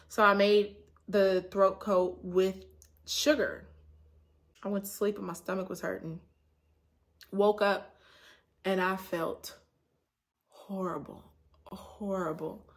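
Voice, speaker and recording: A woman, chatting casually in a vlog with a sore throat, animated and laughing often. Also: mid-range voice. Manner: animated, laughs often, acts out her own reactions. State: sore throat after a cold. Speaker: vlogger.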